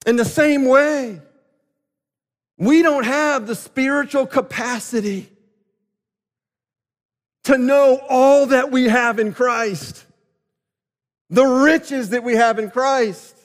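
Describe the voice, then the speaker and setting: A male pastor delivering a sermon, emphatic and swinging between loud and quiet passages. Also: very high-pitched, slow, pauses often. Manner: emphatic, rising and falling delivery. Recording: long hall reverb.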